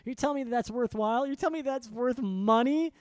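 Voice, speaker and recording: A man's voice: extremely high pitch, moderate pace, dry recording. Profane ranting young man, dry mic. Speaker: podcast co-host. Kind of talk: casual podcast rant. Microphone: studio podcast mic.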